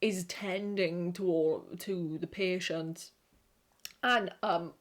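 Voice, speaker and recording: A young Welsh woman chatting to camera, animated, swearing and laughing often. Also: fairly low pitch, drawn-out words. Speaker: vlogger. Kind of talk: casual chat to camera.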